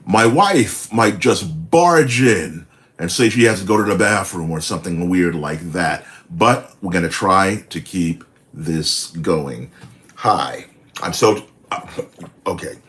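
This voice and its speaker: A deep-voiced man in his sixties talks to his livestream from home. He rambles in a friendly, animated way and corrects himself as he goes. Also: takes it slowly. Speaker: caricature artist hosting a livestream. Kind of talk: casual live stream chat.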